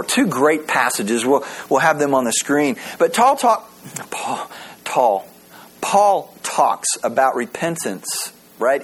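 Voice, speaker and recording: Male pastor, sermon, slightly high voice, husky, lively, repeats words, slow scripture reading. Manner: animated, repeats words when starting sentences, reads scripture slowly.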